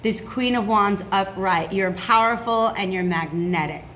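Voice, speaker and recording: A woman's voice: mid-range voice, unhurried, fairly bright tone, a little hiss or hum. A woman giving a casual tarot reading, chatty and reassuring, checking in with "okay?" often. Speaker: tarot reader.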